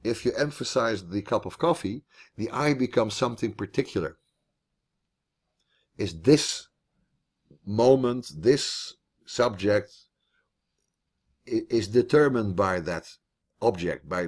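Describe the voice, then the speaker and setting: A man's voice: lowish voice, animated, a little slow, pauses often, slightly rough. A man teaching philosophy online in a video call, thinking aloud as he explains, with restarts and repeated words.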